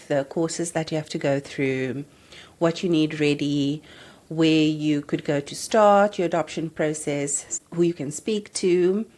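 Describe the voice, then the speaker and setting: Animated woman storyteller. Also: low voice. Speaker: podcast host. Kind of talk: personal storytelling podcast.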